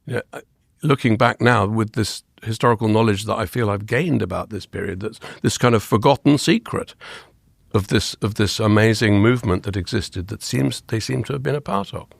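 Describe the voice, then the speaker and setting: Man, interview guest, low gravelly voice, dry close sound, enthusiastic, rambling with restarts. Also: brisk, dry recording. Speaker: guest, art historian and author. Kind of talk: conversational interview.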